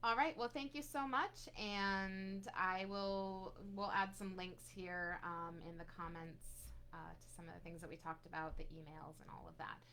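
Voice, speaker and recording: A woman's voice: medium pitch, fairly even intonation, normal speed, pushed and bright, slight background noise. A woman co-hosting a casual live question-and-answer session, upbeat as she reads out viewer questions. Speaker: casting director co-host.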